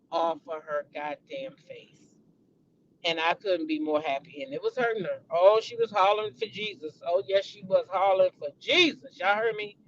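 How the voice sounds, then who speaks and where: A woman's voice: fairly low pitch, lo-fi sound, slight background noise. A woman hosting a celebrity gossip show, chatting casually and animatedly to her viewers and calling them y'all.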